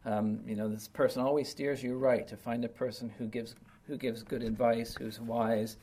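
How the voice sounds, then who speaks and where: A man's voice: mid-range voice, steady tone, normal speed, warm tone, breathy edge. A man teaching an informal Bible study lesson. He talks in a plainspoken way, explains each verse with everyday examples and keeps checking in with "right?" and "okay?".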